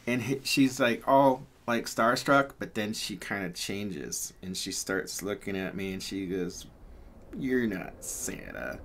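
A man's voice: on the low side, steady tone, measured pace, few pauses, a bit bright, a little hiss or hum. A man telling a story casually, rambling and chatty, with lots of fillers and laughs. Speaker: pyrography channel host.

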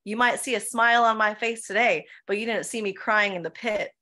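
A woman pastor of Filipino heritage, her voice at a medium pitch. She preaches in a lively Q&A setting, firing off rhetorical questions and driving each point home with "right?" and "come on.". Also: brisk. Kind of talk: preaching in a Q&A session.

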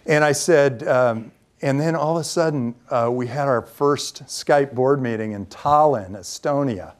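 A man who is a venture capitalist, telling lively anecdotes in a talk to students, with frequent ums and restarts. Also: mid-range voice, a little slow. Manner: lively storyteller who acts out quoted dialogue.

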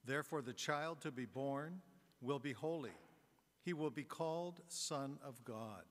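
A man reading a gospel passage aloud as a deacon, measured and formal. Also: mid-range voice, fairly bright tone. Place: large church. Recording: long church reverb.

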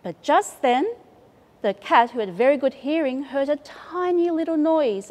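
A woman with an Australian accent hosting a library storytime, reading to young children in a playful, drawn-out way. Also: high voice, lively intonation, mellow, in a large hall.

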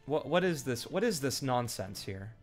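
A man's voice: mid-range voice, big pitch swings, moderate pace, soft background music. A man chatting casually while streaming a video game, thanking viewers and muttering asides. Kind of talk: live game commentary.

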